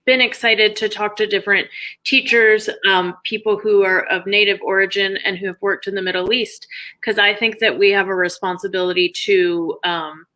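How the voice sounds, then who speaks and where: Upbeat bright-voiced woman host. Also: medium pitch, steady tone, normal speed, rough recording. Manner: upbeat, enthusiastic, many fillers. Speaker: host, belly dance teacher. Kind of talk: casual video-call interview.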